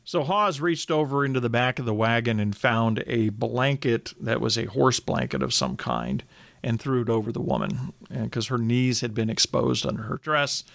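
A man's voice: mid-range voice, vocal fry, fairly bright tone, no echo. A man hosting a podcast, telling a history story in a conversational way with casual asides and fillers.

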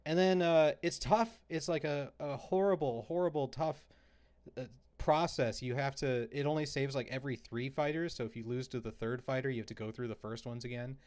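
Male co-host, animated storyteller, laughs a lot, mid-range voice. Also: medium pitch, fairly quick. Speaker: podcast co-host. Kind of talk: casual chat.

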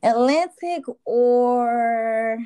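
A woman's voice: fairly high pitch, extremely slow, warm tone, smooth, dry recording. A young woman being interviewed as an artist, chatting in a casual, easygoing way and laughing now and then. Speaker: guest artist.

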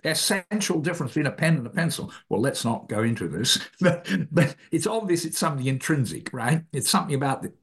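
An older man, a philosopher and author, explaining ideas in an interview in a thoughtful, halting way with frequent restarts. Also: a little high, animated, fairly bright tone. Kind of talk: academic interview answers.

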